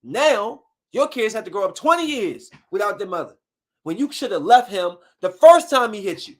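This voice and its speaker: A male podcast host with a high voice who talks casually and swears freely. He rants with quick bursts of heat and then drops back to a low mutter. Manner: animated, profane rant with sudden outbursts. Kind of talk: casual chat review.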